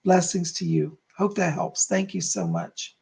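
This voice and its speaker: Psychic guy on a live stream, gravelly voice going hoarse, passing on messages from spirits. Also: high voice, sing-song, measured pace, darkish tone. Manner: relays spirit messages to viewers by name. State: losing his voice.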